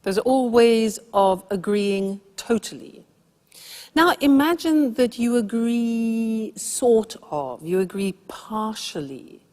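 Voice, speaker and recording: A woman teaching English phrases for agreeing and disagreeing, explaining slowly and clearly. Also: fairly high pitch, expressive, a little mellow. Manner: slow, clear teaching delivery. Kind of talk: language lesson explanation. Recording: long hall reverb.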